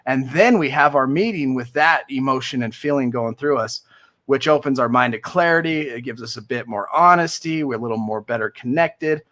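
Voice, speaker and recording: A man's voice: medium pitch, fairly quick, fairly bright tone. A man hosting a casual livestream for a recovery community, talking earnestly and enthusiastically with jokes mixed in.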